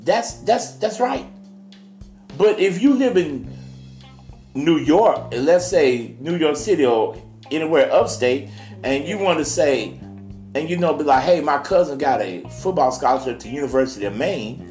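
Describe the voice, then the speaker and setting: A man's voice: a little high, expressive, normal speed, darkish tone, roomy sound, soft background music. Joking man on a rant. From Tennessee. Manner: joking, opinionated ranting. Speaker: podcast co-host. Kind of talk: casual chat.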